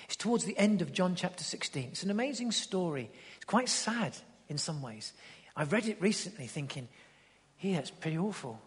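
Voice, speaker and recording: A man preaching a sermon with passion, swinging from loud urging to hushed tones and repeating words as he builds each point. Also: high voice, big pitch swings, normal speed, breathy edge. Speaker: pastor. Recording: long hall reverb.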